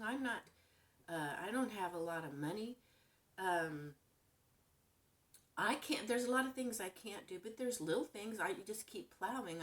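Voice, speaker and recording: An older woman vlogging from home, talking earnestly and a little ramblingly to her camera, gently emotional as she encourages viewers. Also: on the low side. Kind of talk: casual heartfelt talk to camera. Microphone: camera mic.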